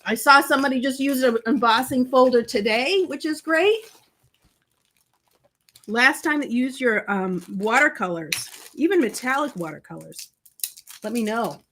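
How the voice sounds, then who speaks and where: This woman's voice sits high and is fairly bright and expressive, at normal speed, with slight background noise. Hosting a live crafting tutorial on papercraft, she gushes and chats with viewers, coughing from a summer cold.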